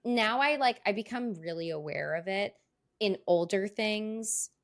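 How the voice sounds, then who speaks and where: A woman's voice: medium pitch, measured pace. A woman co-hosting a podcast, chatting casually, laughing often and swearing offhandedly. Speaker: podcast co-host. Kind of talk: casual chat.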